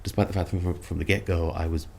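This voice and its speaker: A man's voice: deep voice, flat delivery, fast, creaky, a little mellow, a little hiss or hum. A man who makes online videos, ranting about other creators in a sarcastic, rambling, self-mocking way. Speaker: content creator. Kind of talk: ranting commentary vlog.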